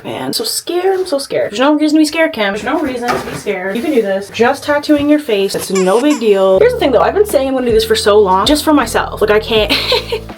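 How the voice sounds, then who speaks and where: Lively, nervous, foul-mouthed young woman. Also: on the high side. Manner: nervous, chatty, swears freely. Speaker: beauty vlogger. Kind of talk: casual chat to camera. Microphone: phone camera.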